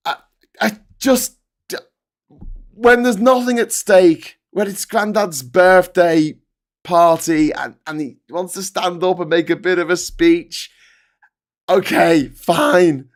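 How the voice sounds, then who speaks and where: A middle-aged man hosting a live stream, talking in casual, animated, sweary commentary. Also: high-pitched, slow.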